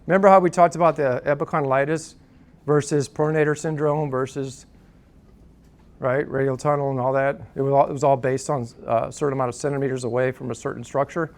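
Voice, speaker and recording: A man lectures to a class in a loose, conversational way, checking in constantly with "right?" and "okay?". His voice sits a bit high, and he drops dry jokes as asides. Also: fairly quick.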